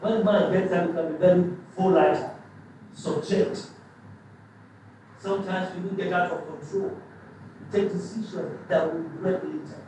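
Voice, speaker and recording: Emphatic preacher in a booming hall. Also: male voice, steady tone, normal speed, pauses often, noisy background. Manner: emphatic, repetitive, with restarts. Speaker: pastor. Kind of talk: sermon. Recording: echoey hall, mic at a distance.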